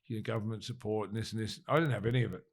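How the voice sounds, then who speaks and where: Man telling a story, low voice. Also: rapid-fire. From Australia. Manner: animated, swears freely. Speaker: podcast guest. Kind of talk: casual storytelling.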